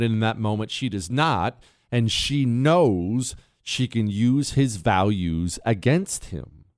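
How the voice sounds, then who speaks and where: A man giving a political commentary monologue in an animated way, acting out little scenes as he goes. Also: dry recording, clean studio sound. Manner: animated, swings pitch for emphasis, acts out little scenes.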